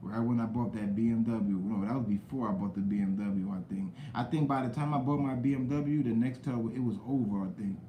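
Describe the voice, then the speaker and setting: A young man hosting a live stream, chatting loosely with viewers in slang, shouting out names from the chat. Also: fairly low pitch, fairly quick, few pauses, echoey room, a little hiss or hum, rough recording. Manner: loose, rambling talk with slang and cursing, greets chat viewers loudly.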